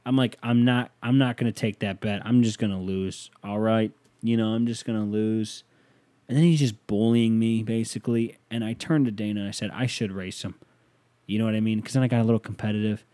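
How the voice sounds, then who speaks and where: A man's voice: on the low side, fairly even intonation, brisk, dark tone, dry recording. A man hosting a podcast, telling a funny story in a rambling, self-mocking way with sudden angry rants. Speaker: podcast host. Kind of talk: casual comedic storytelling. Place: bedroom with a fan running.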